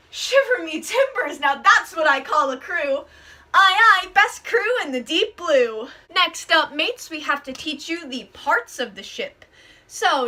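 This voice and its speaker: A woman's voice: sits high, pushed and bright. A woman hosting a pirate-themed children's event, leading scripted call-and-response in an exaggerated, upbeat, instructive way.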